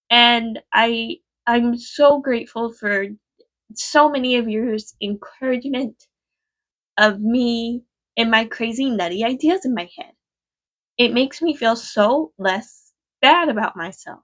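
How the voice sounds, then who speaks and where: A woman's voice: on the high side, takes it slowly, fairly bright tone. A young woman talking casually to her viewers in a vlog, rambling with lots of fillers and frequent swearing. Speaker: vlogger.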